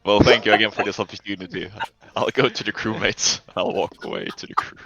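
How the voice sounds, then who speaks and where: A man's voice: fairly low pitch, steady tone, a little fast, sharp tone, a little hiss or hum. A man playing an earnest young crewman. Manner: earnest, dry. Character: young human man, earnest eager helper. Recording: muffled lo-fi with faint music.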